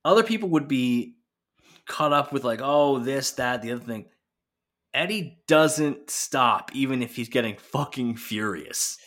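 A man's voice: medium pitch, expressive, measured pace, a bit bright. A man co-hosting a podcast, chatting casually and swearing freely while recapping a wrestling show. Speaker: podcast co-host.

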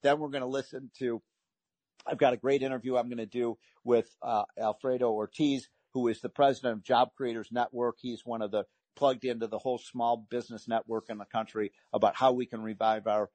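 A man's voice: medium pitch, steady tone, fairly quick, darkish tone, no echo. A man hosting a talk radio show, delivering an emphatic, frustrated political monologue with frequent restarts.

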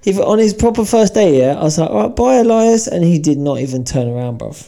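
Animated dad telling stories. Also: male voice, a little high, fast. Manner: animated storyteller, acts out voices in anecdotes. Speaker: podcast co-host. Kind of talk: casual chat.

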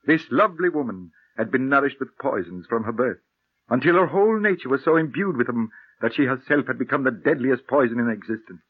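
A fatherly old professor speaks in a husky voice, grave and pleading in turn. He sounds like a muffled 1940s radio drama. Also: mid-range voice, expressive, fairly quick. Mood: grave storytelling. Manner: urgent, pleading and paternal. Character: earnest elder professor warning a young man.

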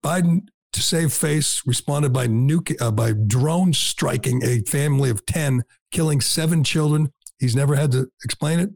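A man's voice: medium pitch, moderate pace, vocal fry, a little mellow, breathy edge, no room sound. A man hosting a talk radio show, delivering blunt, sarcastic, combative commentary.

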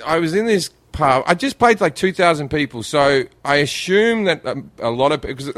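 A middle-aged man, a comedian, telling a story in casual chat, animated and quick to laugh, swearing freely. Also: fairly high pitch. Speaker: comedian guest.

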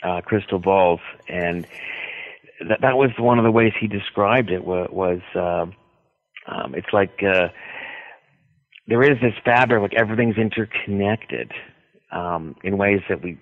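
A man with a low voice talks through a radio interview, pausing often and circling back as he explains. He comes in over a thin, phone-like line with no room sound at all. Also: no echo. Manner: rambling, hesitant, with many pauses. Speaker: author guest.

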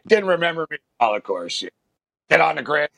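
Rambling storytelling man, fairly high voice. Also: big pitch swings, a little fast, gravelly, fairly bright tone. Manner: rambling, lots of fillers, acts out quotes. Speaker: podcast co-host. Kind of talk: casual storytelling.

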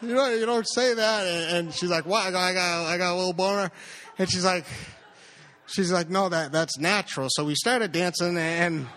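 Stammering storyteller man, slightly high voice. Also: moderate pace. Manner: stammering, repeats words, animated impressions. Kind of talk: live personal storytelling.

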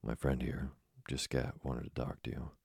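A man voicing a giddy, talkative young woman in an audiobook, blurting out remarks in a deep, husky voice. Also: completely flat delivery, moderate pace, a little mellow, no echo, clean studio sound, exaggerated voice.

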